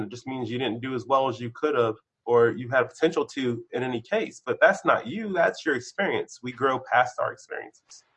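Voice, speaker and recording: Husky man telling animated career stories. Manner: animated storyteller, bursts of excitement, then drops low. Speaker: podcast guest, senior engineer. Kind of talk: candid conversational interview.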